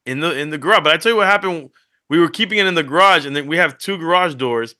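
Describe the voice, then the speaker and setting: A middle-aged man on a podcast, telling family stories in an animated way and acting out what his wife and kids said. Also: fairly high pitch, fast. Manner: animated storytelling, acts out family quotes. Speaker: podcast co-host. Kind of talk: casual chat.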